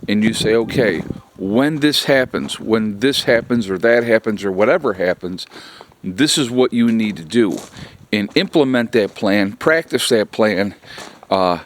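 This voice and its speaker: A man with a fairly low voice talks through his advice in a loose, rambling vlog style. He leans on fillers and keeps circling back to his key points with earnest repetition. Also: a little hiss or hum. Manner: rambling, filler-heavy, conversational. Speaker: prepping vlogger.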